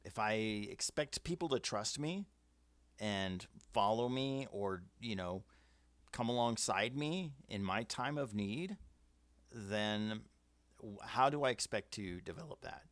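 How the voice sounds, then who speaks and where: A man's voice: fairly low pitch, lively intonation, unhurried, fairly bright tone, dry recording. A man hosting a casual livestream, giving firm opinions and reading out viewer comments. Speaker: livestream host. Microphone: webcam setup.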